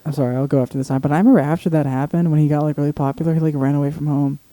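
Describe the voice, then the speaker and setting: A man's voice: on the high side, fairly even intonation, rapid-fire, warm tone, dry recording. A young man co-hosting a casual podcast, laid-back, agreeing a lot and swearing casually. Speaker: podcast co-host. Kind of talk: casual chat.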